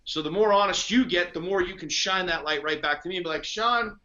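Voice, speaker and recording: A blunt, foul-mouthed man speaks as a podcast guest, hammering his points home. His voice is bright and forceful. The audio is dull and lo-fi. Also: sits high, fast talker. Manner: blunt, profane, emphatic. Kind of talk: casual conversation.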